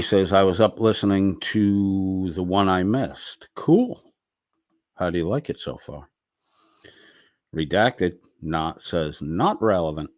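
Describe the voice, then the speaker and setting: A man's voice: sits low, dry recording, studio quality. A man hosting a late-night livestream, reading chat messages aloud and responding in a blunt, profane, sarcastic way.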